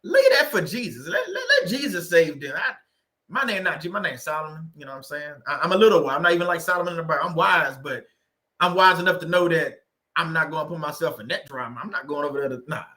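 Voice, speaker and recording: A man hosting a casual livestream talk, animated and joking, laughing often and speaking straight to his viewers. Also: on the high side, fast. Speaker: livestream host on narcissistic abuse.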